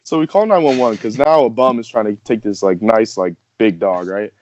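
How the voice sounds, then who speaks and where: A young male podcast host with a lowish, slightly mellow voice tells a story casually and fairly quickly, rambling with lots of fillers and laughing along the way. The audio is dull and dry.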